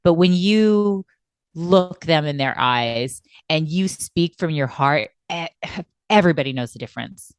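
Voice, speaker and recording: Low-voiced woman coach, emphatic and intense. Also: lively intonation, unhurried, clean tone, no echo. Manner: intense, emphatic, laughs often. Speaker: podcast co-host and coach. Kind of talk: casual podcast conversation.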